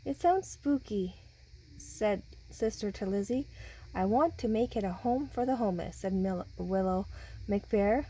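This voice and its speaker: A woman's voice: mid-range voice, a little slow, husky, low-quality recording. A woman reading a children's picture book aloud and chatting with the kids who listen. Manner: animated, talks with listening children. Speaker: storybook reader.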